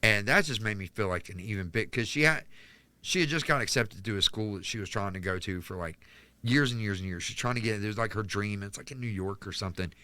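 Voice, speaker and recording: A man from North Carolina telling a candid personal story as a podcast guest, halting with restarts and fillers. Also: fairly low pitch, bright, forceful tone, dry recording. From North Carolina, United States.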